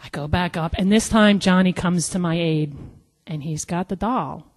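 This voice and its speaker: A woman telling a story on stage, animated and acting out the people in it. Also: fairly low pitch, moderate pace, in a large hall. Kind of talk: live storytelling performance.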